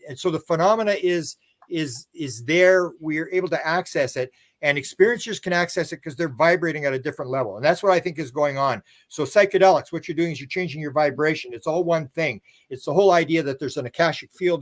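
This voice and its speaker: A man with a fairly high speaking voice, talking as an interview guest. He rambles through stories, repeats words and restarts his sentences, and lifts his pitch when he voices other people's lines. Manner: acts out quoted dialogue with a livelier pitch; chuckles while talking. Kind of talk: casual storytelling on a live stream.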